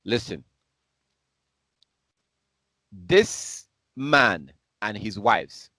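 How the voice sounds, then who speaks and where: A man's voice: fairly low pitch, big pitch swings, very slow, bright, forceful tone, no room sound. African-born preacher guy ranting over news clips, repeats himself, scornful, dry sound. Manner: heated, repetitive, scornful. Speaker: online preacher.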